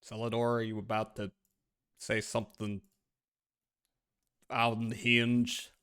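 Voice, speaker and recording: A man's voice: lowish voice, flat delivery, slow pace, a bit bright, clear, resonant tone. A man live-streaming a game, chatting casually with his viewers in a rambling, profane way. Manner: rambling and profane, talks to chat.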